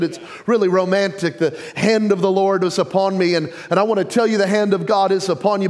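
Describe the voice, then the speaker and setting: A male pastor preaching a sermon with growing passion, sometimes building to a yell, with joking self-deprecating asides. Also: high-pitched.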